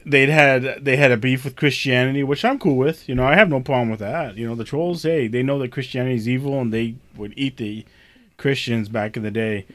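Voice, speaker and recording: A man's voice: mid-range voice, fairly quick, dry recording. A man co-hosting a casual chat, telling stories with lots of swearing and laughter. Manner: profane, laughs often, animated storytelling. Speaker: podcast co-host.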